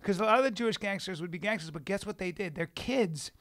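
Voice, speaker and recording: A man co-hosts a podcast in loose, casual chat. His voice sits very high for a man. He riffs excitably, swearing freely as he goes. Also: fast talker. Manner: excitable, profane riffing. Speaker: podcast co-host.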